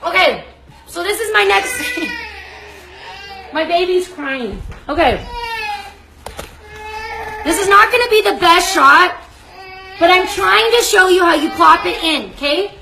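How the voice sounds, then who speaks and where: A woman's voice: very high voice, expressive, unhurried, vocal fry, long pauses, noisy background. A woman hosting a live cooking demonstration from her home kitchen, chatty and effusive, often breaking off mid-sentence. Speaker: cooking show host. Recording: echoey kitchen. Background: baby crying.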